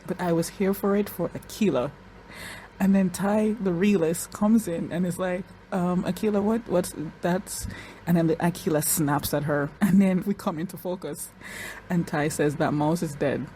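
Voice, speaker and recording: A woman's voice: fairly low pitch, steady tone, moderate pace, mellow, slight background noise, poor audio. A woman giving casual reaction commentary on a TV episode, chatty and talking straight to the characters, with frequent restarts and repeated words. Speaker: show reaction YouTuber.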